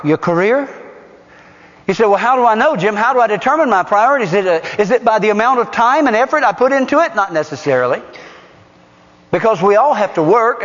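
A man's voice: sits high, fairly bright tone. A man preaching a sermon as pastor, emphatic and firing rhetorical questions at his congregation. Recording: dull recording with long hall reverb.

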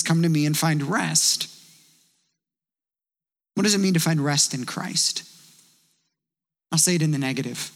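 A man preaching a sermon in a conversational, animated way, telling stories and quoting voices as he goes. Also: fairly high pitch, long reverb tail. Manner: conversational, animated storytelling with acted quotes. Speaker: pastor.

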